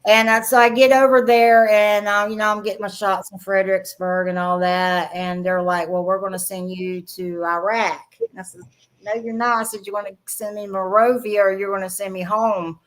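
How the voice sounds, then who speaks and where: A woman's voice: medium pitch, flat delivery, moderate pace. Blunt Southern woman telling stories. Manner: blunt, frank, laughs often while telling stories. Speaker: guest. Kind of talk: casual storytelling interview.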